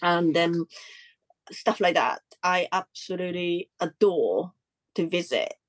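A woman artist speaks in a casual interview, halting and restarting as she hunts for words. Her pitch leaps up lively when she gets into a story. The sound is dry and close, with no room echo. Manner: lively pitch jumps when telling stories. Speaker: artist guest.

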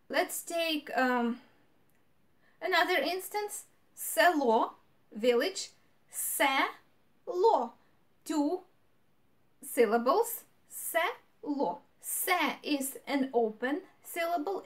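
A woman leads a grammar lesson in a high, light voice. She explains step by step at an unhurried pace and repeats each example word for clarity. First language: Ukrainian. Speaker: language teacher.

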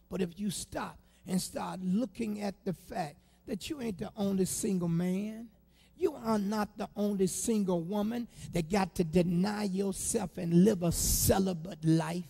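A male pastor preaching a sermon in a church, shouting and sing-song, with lots of repetition. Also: high-pitched, measured pace, gravelly, slightly rough. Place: church sanctuary. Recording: long church reverb.

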